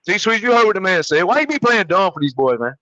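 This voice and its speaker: Sitting high and sing-song, this man's bright, forceful voice carries an angry basketball-podcast rant, rapid and full of swearing. He's a co-host, captured in a dry recording with dull audio.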